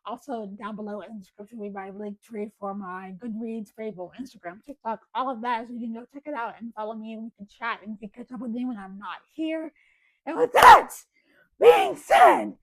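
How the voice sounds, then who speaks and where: A woman's voice: fairly high pitch, quick pace, hardly any pauses, no room sound, poor audio. A young woman with an American accent chatting casually about books to camera, rambling with fillers and a voice that is wearing out. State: losing her voice. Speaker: book vlogger.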